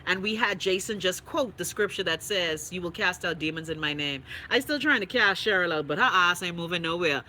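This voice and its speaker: A Bahamian woman hosting a livestream, chatting casually and reading viewer comments in a blunt, profane, animated way. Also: on the low side, fairly quick, hardly any pauses, a little hiss or hum, low-quality recording. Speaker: livestream host.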